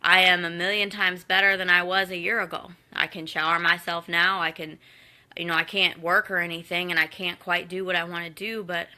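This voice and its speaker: Earnest woman with a bright tense voice. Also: lowish voice, flat delivery, brisk. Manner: earnest, encouraging, conversational with fillers. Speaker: guest speaker in a live Q&A. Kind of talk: candid personal talk to a community.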